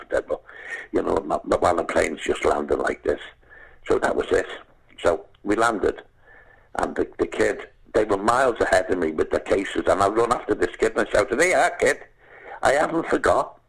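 Liverpool actor, animated storyteller, gravelly and husky, lowish pitch. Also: male voice, brisk, rough recording. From England. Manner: animated storyteller, acts out voices, says "lad". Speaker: actor and guest. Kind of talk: casual chat, storytelling.

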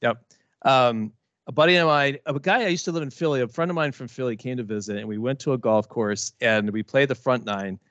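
A man's voice: medium pitch, brisk, fairly bright tone, no room sound, dull audio. A man co-hosting a podcast, telling a long story in casual chat with many false starts and restarts. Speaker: podcast co-host.

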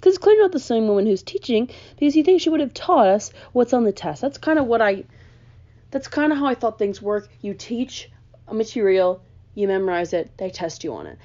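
Young woman, sarcastic vlog rant, mellow tone, muffled lo-fi sound. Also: a little high, expressive, fairly quick. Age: young adult. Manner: sarcastic, exasperated ranting with frequent "like". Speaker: college student vlogger. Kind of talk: ranting vlog.

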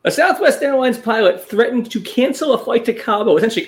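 A man's voice: very high-pitched, animated, a little fast. Sarcastic man cracking dry jokes on a podcast. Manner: sarcastic, profane, dry wisecracks. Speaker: podcast co-host. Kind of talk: casual podcast banter.

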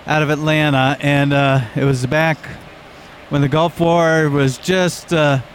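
A man who is an airline pilot, telling a story in a relaxed, rambling way with many pauses. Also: a little high, a little hiss or hum. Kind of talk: casual anecdote.

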